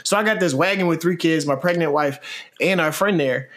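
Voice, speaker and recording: A man's voice: on the high side, fairly quick, fairly bright tone. A man in his thirties telling a story animatedly in casual chat, cursing freely as he recounts it.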